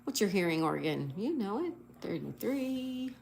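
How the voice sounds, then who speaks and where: A woman hosts a laid-back livestream in a sing-song, unhurried way, her medium-pitched, darkish voice carrying vocal fry. She cheerfully spells words letter by letter and reads viewer comments aloud, with slight background noise.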